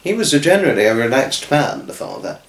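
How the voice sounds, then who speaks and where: Man narrating a kids' story, lively pitch, stumbling restarts, roomy echo. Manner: halting, restarts and repeated words. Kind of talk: improvised storytelling.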